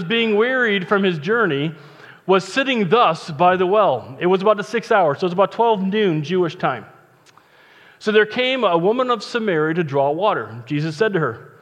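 A man preaching a casual sermon as pastor, chatty and joking between Bible readings. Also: high voice. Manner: chatty, joking asides, conversational. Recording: long reverb, dull lo-fi sound.

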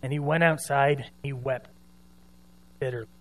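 A man's voice: mid-range voice, fairly even intonation, a little slow, a bit bright. A man preaching a sermon in an earnest, conversational way, retelling scripture in his own words.

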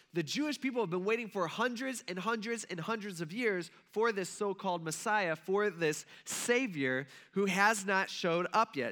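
A man's voice: sits high, pushed and bright. A man from Ohio giving a casual Bible lesson, chatty and checking in with his listeners. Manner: conversational, checks in with listeners, many fillers. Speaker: Bible teacher.

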